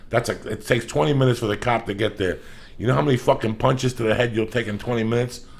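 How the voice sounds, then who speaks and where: Podcast host, male, gravelly, swears constantly in loud comic tirades. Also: mid-range voice, fairly even intonation, fast. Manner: loud, profane, ranting. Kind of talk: profane comedic rant.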